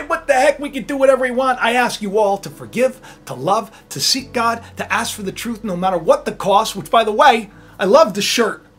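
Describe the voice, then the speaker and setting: A man with a high voice hosts his own vlog in a loose, rambling way. He keeps checking in with the viewer through little tag questions. Soft music plays faintly under him. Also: breathy edge. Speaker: channel host. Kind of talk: casual spiritual vlog talk.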